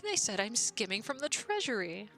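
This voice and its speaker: A woman's voice: fairly high pitch, big pitch swings, moderate pace, sharp tone, soft background music, heavily acted. Woman reading as a flustered, bloodthirsty old advisor. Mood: indignant.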